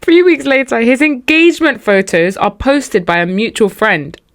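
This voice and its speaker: A young woman hosting a podcast, reading out a listener's story and reacting with loud outrage. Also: a little high, moderate pace. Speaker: podcast host.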